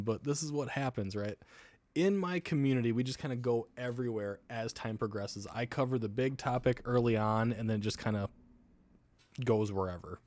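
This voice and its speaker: A man's voice: medium pitch, moderate pace, darkish tone. A man hosting a casual livestream, rambling between topics while answering viewer comments and laughing often. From US South. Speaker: livestream host.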